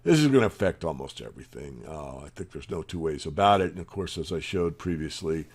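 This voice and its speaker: Deep-voiced guy reading headlines then giving his two cents, trails off low at the ends. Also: lively intonation, fairly quick, husky. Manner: opinionated asides between read-out headlines. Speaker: newsletter host. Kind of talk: reading and commenting on news.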